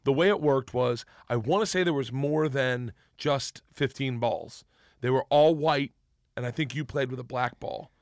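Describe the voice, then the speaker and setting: A man telling a long story in casual chat, animated and profane, acting out the other people's lines. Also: medium pitch, normal speed, no room sound, clean studio sound. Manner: animated, profane, acts out quotes. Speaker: guest storyteller.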